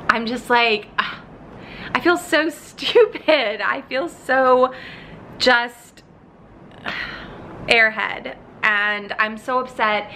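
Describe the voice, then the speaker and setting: A young woman telling a story to her phone camera at home in a chatty, animated vlog style. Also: medium pitch, slight background noise. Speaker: vlogger. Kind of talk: casual vlog chat. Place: home apartment.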